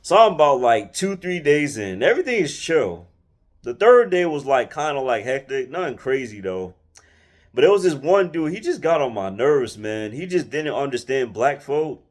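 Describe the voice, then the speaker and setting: A man's voice: mid-range voice, very animated, normal speed. A man telling a personal story to his followers in a blunt, colloquial, emphatic way, often restarting and repeating phrases. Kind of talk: casual storytelling monologue.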